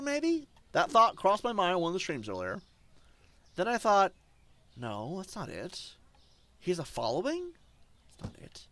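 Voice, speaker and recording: A male streamer ranting defiantly to his chat, swinging between loud outbursts and low muttering. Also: no echo. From German. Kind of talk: casual stream rant.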